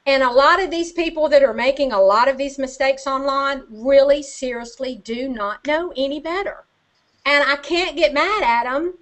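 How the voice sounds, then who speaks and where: High-voiced older woman chatting. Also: normal speed, a bit bright. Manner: chatty and self-deprecating, laughs often. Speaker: guest. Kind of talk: casual video-call chat. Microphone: video call.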